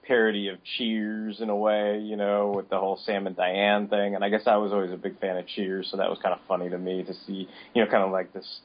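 Over dull lo-fi audio, a man speaks in a fairly low monotone, moving fairly quickly with few pauses. He's co-hosting a podcast in casual chat, rambling along with plenty of fillers and restarts.

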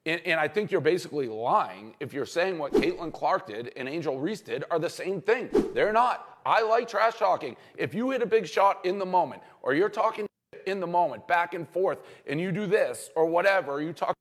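A man arguing a sports point in an insistent, emphatic way. His voice sits high for a man and swings widely in pitch. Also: lively intonation, normal speed. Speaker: sports podcaster. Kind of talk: argumentative sports commentary.

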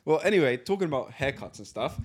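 A man's voice: fairly high pitch, lively intonation, fast, breathy edge. A young man, co-hosting a podcast in casual, teasing chat full of slang. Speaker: podcast co-host.

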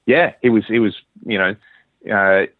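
An Australian man, a guest musician, telling a long story in a relaxed, rambling way with frequent restarts. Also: lowish voice, moderate pace, no echo. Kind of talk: casual interview chat. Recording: tinny phone-line sound, dry.

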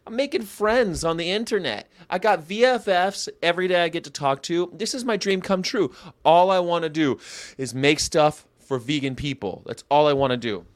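A man from Southern California hosting a casual vegan livestream, talking in an animated, rambling way that jumps between jokes and pleas. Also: fairly high pitch, moderate pace, no room sound. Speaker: vegan channel host.

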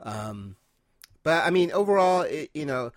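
A man's voice: fairly high pitch, big pitch swings, unhurried, no echo, clean studio sound. A man hosting a casual podcast chat, speaking hesitantly and qualifying his points often. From not British. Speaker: podcast host.

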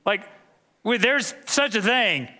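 A man's voice: high voice, expressive, slow pace, bright, forceful tone. A man preaching a sermon as pastor, emphatic and building through repeated phrases.

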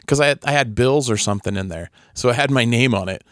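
A man's voice: medium pitch, fast talker, few pauses, a bit bright, no room sound, studio quality. A man telling stories in a casual chat, laughing often and acting out the people he quotes. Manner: storytelling, laughs often, acts out quoted voices.

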